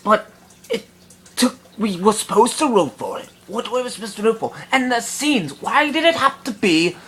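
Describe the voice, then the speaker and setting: A man giving a comedic film review in a pompous, affected gentlemanly put-on voice, indignant and long-winded. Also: extremely high pitch, animated, moderate pace, husky. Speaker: movie reviewer.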